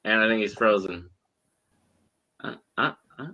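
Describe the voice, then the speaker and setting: A man co-hosting a podcast in casual chat over a video call, laid-back and joking, talking in quick bursts. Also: fairly low pitch, pushed and bright, rough recording. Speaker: podcast co-host.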